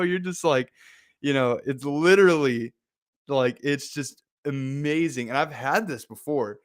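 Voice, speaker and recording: A young man, host of a self-improvement podcast, casually telling a personal story in a playful, animated way, acting out his own excited exclamations. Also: a little high, fairly quick, no room sound, clean studio sound.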